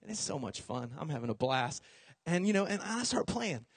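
A young man preaching a casual, storytelling sermon, animated and jokey, acting out voices as he tells it. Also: fairly high pitch, normal speed, gravelly, slightly rough, no echo.

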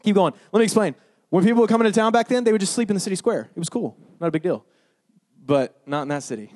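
A man's voice: sits high, animated, quick pace, a little mellow, no room sound, clean studio sound. A man preaching a sermon in a church, emphatic and conversational, with frequent rhetorical questions. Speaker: pastor.

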